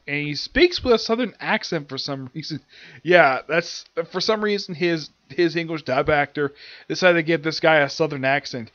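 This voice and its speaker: A man with a slightly high voice rambles through an anime plot recap, leaning on fillers and restarting his sentences. The sound is dull and lo-fi, dry with no room echo. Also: fairly bright tone. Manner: rambling, filler-heavy retelling. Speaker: anime reviewer. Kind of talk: casual episode recap.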